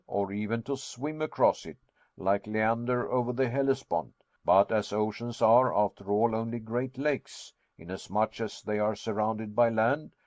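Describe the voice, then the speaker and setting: A man doing a booming, lecturing old professor. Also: darkish tone, dry recording, close to an everyday voice. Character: confident learned older male professor.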